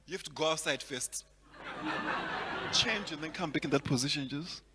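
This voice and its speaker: A man from Zimbabwe doing stand-up comedy, animated, repeating words and laughing at his own jokes. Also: fairly high pitch, normal speed, in a large hall, heavy background noise.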